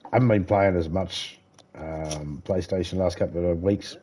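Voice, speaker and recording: A man's voice: low voice, fairly even intonation, normal speed, mellow. An Australian man chatting casually while streaming a game live, rambling easily and greeting viewers by name.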